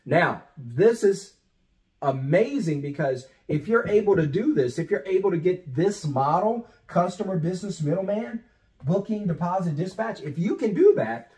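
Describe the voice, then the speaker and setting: A man with a fairly high voice talks through a business lesson as a coach. His delivery is conversational and punchy. He fires off rhetorical questions and slips into acted-out phone calls with clients. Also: sing-song, moderate pace, dark tone, rough recording. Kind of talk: instructional talk.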